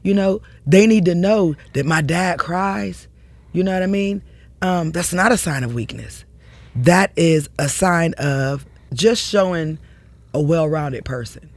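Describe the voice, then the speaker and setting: A woman's voice: on the low side, unhurried, dry recording. Earnest woman, heartfelt and dry-miked. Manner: earnest, heartfelt, casual slang. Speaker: podcast guest. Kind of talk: emotional interview conversation.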